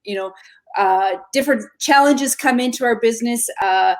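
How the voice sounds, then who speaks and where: Woman, interview host, conversational, rambling questions, fairly high pitch. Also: normal speed. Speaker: podcast host.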